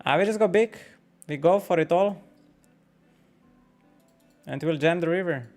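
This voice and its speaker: A male poker streamer with a somewhat high-pitched voice, thinking aloud through every hand. He swears freely and keeps asking himself why he feels nervous while he chats with viewers. Soft music plays faintly underneath. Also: unhurried. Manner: thinks out loud about hands, swears often, questions his own nerves. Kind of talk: live-stream commentary while playing.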